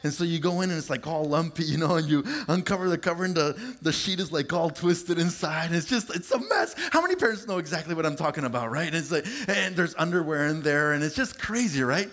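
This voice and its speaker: A middle-aged male pastor preaching a sermon, animated and confessional, joking with his congregation and stretching words out for emphasis. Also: a little fast, few pauses. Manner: animated and confessional, draws out words, shifts pitch sharply for emphasis; lively, joking asides to the congregation.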